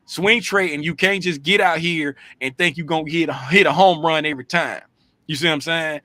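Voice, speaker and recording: A man hosting a casual trading chat, coaching in an animated, repetitive way and often asking if you follow. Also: on the high side, fairly quick, no room sound. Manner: animated, repetitive, keeps asking "you see what I'm saying". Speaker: trading show host.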